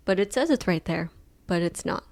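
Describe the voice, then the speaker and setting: A young woman talks through a personal story on her solo podcast, casual and rambling. Her delivery is chill and fairly flat, loose and unhurried, and she leans heavily on "like" as she goes. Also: lowish voice, gravelly. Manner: chill, laid-back, monotone delivery; rambling with many fillers like "like". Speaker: podcast host.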